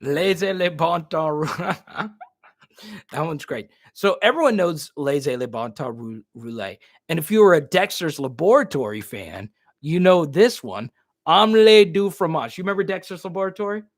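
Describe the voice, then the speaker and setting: A man's voice: on the high side, lively intonation, normal speed, no room sound, studio quality. A man hosting a casual live stream. He laughs often and repeats himself as he talks. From New Roads, Louisiana.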